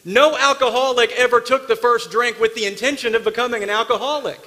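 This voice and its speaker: A man preaching a sermon from the pulpit, emphatic and dramatic, dropping from loud bursts to hushed asides. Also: extremely high pitch, fairly even intonation, brisk, in a large hall. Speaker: pastor. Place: church sanctuary.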